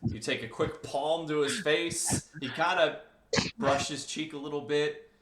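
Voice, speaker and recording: A man narrating and running a tabletop game as game master, relaxed and halting with fillers. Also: on the high side, heavy background noise. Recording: roomy echo.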